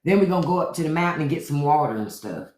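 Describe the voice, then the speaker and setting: A man doing an eager Southern cousin with a thick North Carolina accent, chattering high and fast. The voice leaps up and down and rings through an echoey room. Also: lively intonation, a little mellow, a little hiss or hum, natural voice. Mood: excited. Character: excited Southern cousin inviting family down.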